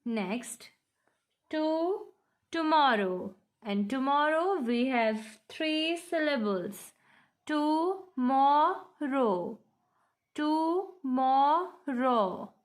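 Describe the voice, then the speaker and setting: Slow high-voiced Indian teacher woman. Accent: Indian English. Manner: slow, drawn-out word repetition and clapping out syllables; mixes Hindi and English. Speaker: school English teacher. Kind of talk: recorded classroom lesson.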